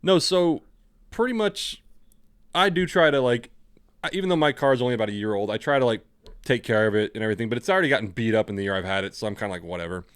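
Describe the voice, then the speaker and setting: A man's voice: medium pitch, quick pace, smooth, no room sound, clean studio sound. A man co-hosting a podcast, telling rambling stories in casual chat, acting out his own thoughts and swearing freely. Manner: rambling anecdotes with acted-out inner voice, casual swearing. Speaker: podcast co-host.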